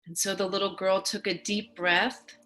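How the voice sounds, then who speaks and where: A woman leading a guided meditation talk at a gym, speaking in a soft, earnest way. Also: mid-range voice, level tone, moderate pace.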